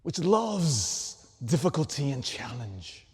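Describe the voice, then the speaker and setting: A man, a Catholic priest, preaching a sermon in an animated way, full of rhetorical questions. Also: mid-range voice, takes it slowly, slightly rough. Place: large church. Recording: long church reverb.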